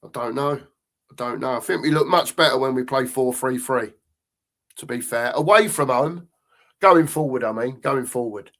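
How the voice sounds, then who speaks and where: A man's voice: medium pitch, normal speed, fairly bright tone. An older man, chatting casually as host of a live fan stream, rambling and repeating himself as he reads out viewer comments.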